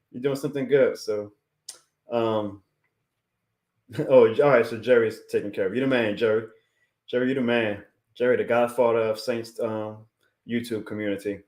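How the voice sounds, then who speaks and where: A man's voice: mid-range voice, a little mellow, echoey room. A man chatting casually on a live stream, heartfelt and rambling, laughing often and answering chat. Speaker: YouTube sports streamer.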